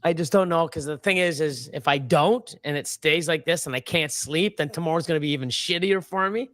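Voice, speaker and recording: A man's voice: on the high side, brisk, a bit bright, no room sound, studio quality. Rambling, profane man in his fifties. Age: 50s. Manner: rambling, profane, laughs often. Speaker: livestream host. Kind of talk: casual chat.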